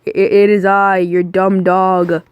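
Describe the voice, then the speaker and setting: A performer voicing a goofy talking pet dog who announces itself in a grand, drawn-out way. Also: mid-range voice, flat delivery, clear, resonant tone, no echo, lo-fi sound, lightly acted. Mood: grandly announcing.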